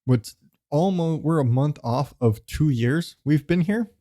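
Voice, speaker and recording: A man hosts his solo podcast in a loose, unscripted ramble. His voice sits a bit high for a man, and he swears freely and laughs as he goes. He talks like he is chatting with friends. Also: animated, unhurried, mellow. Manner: rambling, profane, chuckling often. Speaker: podcast host. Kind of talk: solo casual podcast monologue.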